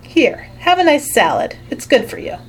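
A woman's voice: high voice, big pitch swings, normal speed, a little hiss or hum, pitched above the performer's own voice. A woman voicing a cheerful, friendly male janitor with a hearty, upbeat way of talking, for a storybook.

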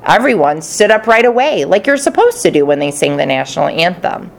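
Woman audiobook narrator, low voice with fry, very animated. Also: brisk. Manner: expressive, playful character voices. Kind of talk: first-person storybook narration.

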